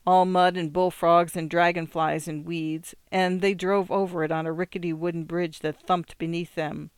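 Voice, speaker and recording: An audiobook narrator reading literary fiction in a steady, measured way. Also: mid-range voice, clean tone, no echo. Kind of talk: scripted narration.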